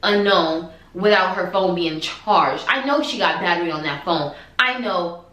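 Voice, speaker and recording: A woman vlogger telling a casual storytime with excited, animated energy and quoted dialogue. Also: fairly low pitch, measured pace, muffled recording. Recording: roomy echo.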